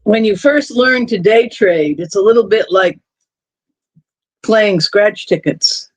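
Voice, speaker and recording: Live stream host, male, high voice, dry close sound, rambling anecdotal talker. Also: slow pace, no room sound. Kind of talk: casual chat on a live stream.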